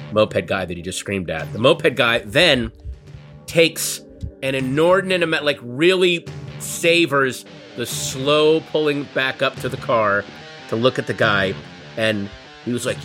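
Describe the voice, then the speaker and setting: A man spins a comic anecdote with wry, animated delivery. His voice sits in a middle register. Guitar music plays clearly underneath. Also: medium pitch. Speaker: storyteller. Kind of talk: comedic storytelling.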